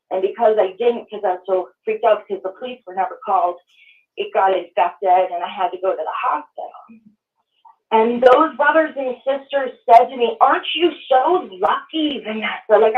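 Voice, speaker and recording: A woman from Minnesota calling in to a show, telling her story in a halting, emotional way. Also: mid-range voice. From Minnesota, USA. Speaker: caller. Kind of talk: call-in testimony. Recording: distant tinny phone line.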